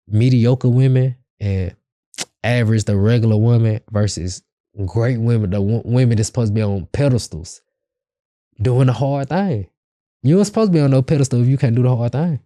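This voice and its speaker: A man's voice: medium pitch, moderate pace, mellow, no room sound. A young man hosting a podcast, giving blunt relationship advice in slangy casual talk and acting out both sides of an argument. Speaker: podcast host.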